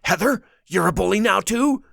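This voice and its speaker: A man voicing an angry, protective father, a former soldier who shouts at the people around him. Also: high voice, expressive, moderate pace, gravelly, dry recording, clean studio sound, pitched above the performer's own voice, heavily acted. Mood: furious. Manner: furious, shouting.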